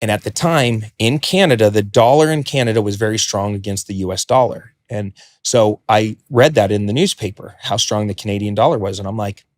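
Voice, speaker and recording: A man telling a story as a podcast guest, animated, acting out quotes and swearing freely. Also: fairly low pitch, a little fast, few pauses, no echo, studio quality. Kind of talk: podcast interview.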